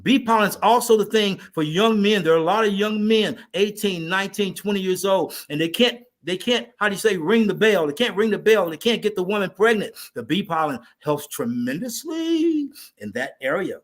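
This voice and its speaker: A man speaking as a guest on a talk show, an animated storyteller who turns to address the host directly. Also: sits high, normal speed. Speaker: natural remedies advocate, guest.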